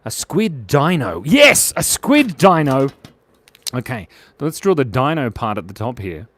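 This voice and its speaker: A man's voice: medium pitch, very animated, unhurried, a bit bright. An Australian man hosting a live drawing stream, chatting playfully with viewers and giggling at their jokes. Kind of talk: casual live drawing chat.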